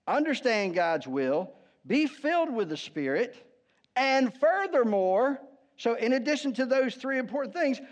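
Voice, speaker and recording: Preaching to his congregation, a fairly high-voiced pastor keeps things relaxed and conversational, with a wry sense of humor and a habit of asking "right?" Key words come out low and quiet before his voice lifts to stress a point.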